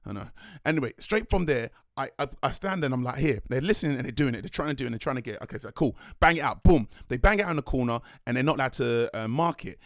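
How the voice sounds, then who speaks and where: A young man, a dance crew leader telling a rambling, excitable story in a vlog. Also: mid-range voice, very fast, hardly any pauses, dry recording, studio quality. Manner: rambling, excitable, slangy, self-correcting.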